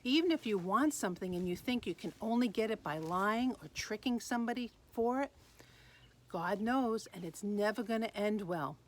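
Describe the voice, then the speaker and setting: A woman telling a Bible story to children in an animated way, speaking straight to them. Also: medium pitch, normal speed. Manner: animated, addresses children directly.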